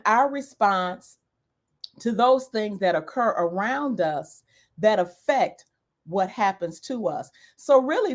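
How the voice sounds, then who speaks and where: A woman giving a lecture-style talk on self-care as an educator, repeating key points for emphasis. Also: fairly high pitch.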